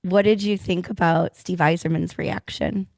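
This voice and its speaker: A woman co-hosting a podcast, chatting casually and telling stories with animated enthusiasm. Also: fairly low pitch, normal speed, no echo. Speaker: podcast co-host. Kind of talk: casual chat.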